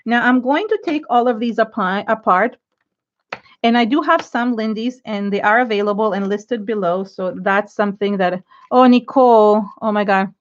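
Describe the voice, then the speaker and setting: A woman's voice: a little high, moderate pace, lo-fi sound. A middle-aged woman hosting an art journaling livestream, chatting casually and gushing with thanks to viewers, teary and close to crying. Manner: gushing, emotional, thanks viewers and keeps restarting sentences. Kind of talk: casual livestream chat while crafting.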